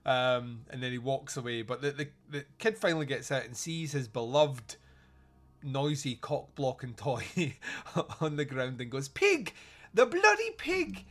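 A man's voice: mid-range voice, steady tone, normal speed. A man hosting a podcast, recapping a movie in casual chat, joking and laughing often. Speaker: podcast host.

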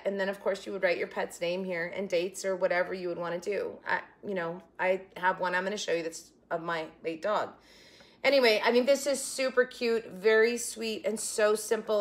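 An older woman, a craft vlogger, talks through a crafting tutorial in a middle-pitched voice. Chatty and tender, she holds back tears, often dropping into quiet, trailing asides.

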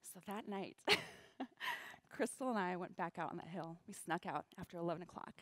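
A woman giving a keynote talk on stage, telling a story in an animated way, acting out quotes and laughing often. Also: on the low side, normal speed, no room sound. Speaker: keynote speaker. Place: event stage.

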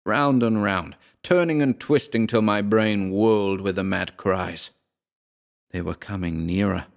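A man narrating a horror story as an audiobook, slow and dramatic, dropping to a hush in the darkest passages. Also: fairly low pitch, vocal fry.

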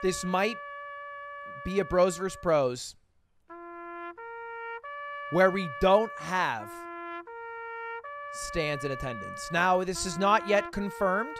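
High-voiced man rambling to chat. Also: lively intonation, takes it slowly, long pauses, music in the background. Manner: rambling storytelling with many restarts and swearing. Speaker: streamer. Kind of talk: casual chat to stream chat.

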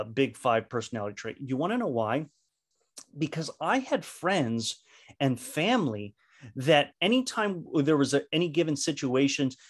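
A man leading a live online training session over a video call. He talks in an animated way, with frequent fillers and restarts. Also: medium pitch. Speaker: leadership trainer.

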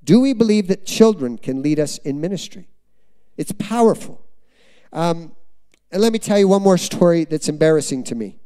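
A man preaching in a church, a visiting missionary telling a long story to the congregation. His voice sits high yet sounds mellow and smooth. He delivers it with animated storytelling and acts out the voices of the people in the story. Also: moderate pace. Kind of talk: storytelling sermon. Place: church sanctuary.

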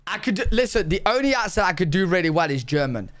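A man from Jamaica playfully trying out silly accents, mumbling fillers and bursting into mock-angry shouts. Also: a little high, very animated, a little fast, hardly any pauses. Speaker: streamer. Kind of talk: joking attempts at accents.

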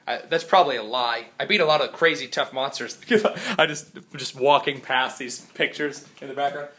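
A man chatting in a rambling, jokey vlog from his house, still sick, swinging from loud outbursts to mumbles. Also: mid-range voice, brisk. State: sick, congested. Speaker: vlogger. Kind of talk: casual vlog chat.

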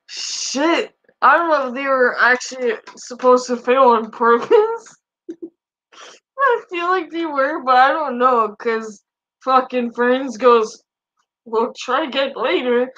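A woman's voice: high-pitched, animated, slow pace, fairly bright tone, lo-fi sound. A woman streamer in casual live-stream chat, profane and teasing, laughing often as she talks back to viewers.

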